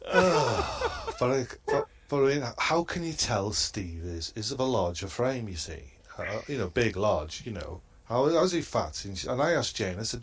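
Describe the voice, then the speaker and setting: A man doing a comedy roast in a halting, hesitant delivery and chuckling at his own crude jokes. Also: on the low side, wildly swooping pitch, sharp tone, slightly rough. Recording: noisy line.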